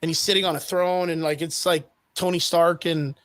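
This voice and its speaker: A man with a fairly high voice tells a story in an animated, profane, filler-heavy way. He speaks as a podcast guest into a close mic. The sound is dry. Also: normal speed, no echo. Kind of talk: casual chat.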